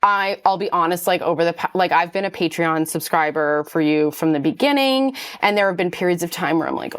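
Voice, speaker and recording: A woman's voice: fairly low pitch, moderate pace, few pauses, clear, resonant tone. A woman who runs a small clothing business, a podcast guest talking in a heartfelt, rambling way with many "like" fillers. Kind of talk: casual conversational podcast chat.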